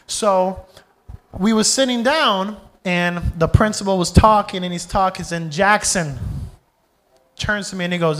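A young adult man, a pastor, preaching a sermon in an animated storytelling way, asking the congregation questions and acting out voices. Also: high-pitched, a little slow.

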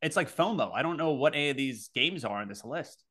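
Fast, bright-voiced joking podcast guy. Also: medium pitch, expressive. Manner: teasing, profane banter. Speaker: podcast co-host. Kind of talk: casual chat.

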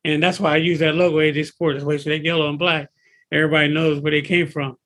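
A man in his fifties who works as a personal trainer, talking in a high voice with a husky edge. He speaks in an excitable, emphatic way and circles back to repeat his points. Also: fast. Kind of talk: casual interview talk.

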